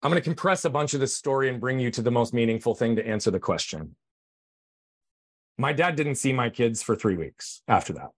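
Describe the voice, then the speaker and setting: A man's voice: mid-range voice, no room sound, studio quality. A middle-aged man, a podcast guest, earnestly telling a personal family story with emphatic conviction.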